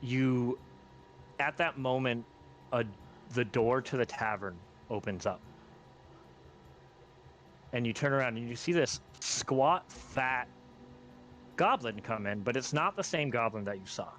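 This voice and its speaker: A man's voice: mid-range voice, animated, a little slow, pauses often, a bit bright, slight background noise. A man narrating as game master of a tabletop game, in a casual, hesitant way with many fillers.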